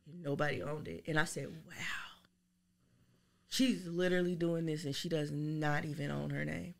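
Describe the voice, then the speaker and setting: A woman's voice: low voice, steady tone, moderate pace, vocal fry. A woman telling a story on a podcast in blunt, profane talk, acting out the voices of the people she quotes. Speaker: podcast guest; business owner. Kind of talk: casual podcast chat.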